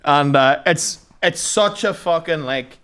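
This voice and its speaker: A man's voice: a little high, slow pace, fairly bright tone. A young Northern Irish man co-hosting a podcast, telling stories in a casual, sweary, laughing way. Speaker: podcast co-host. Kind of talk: casual chat.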